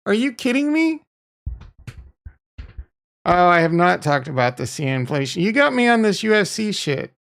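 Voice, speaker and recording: Man, crypto livestream host, gravelly voice, loose profane rambling, chatting with viewers. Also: high voice, lively intonation, a little fast, few pauses, fairly bright tone. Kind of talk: casual livestream chat reading viewer comments.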